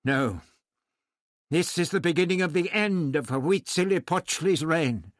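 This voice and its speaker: A defiant young woman speaks with calm resolve, voiced by a male reader. Her pitch rises and falls with energy. The recording is dry and close. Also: measured pace, dry recording. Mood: determined. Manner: firm, determined. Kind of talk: audiobook character voice.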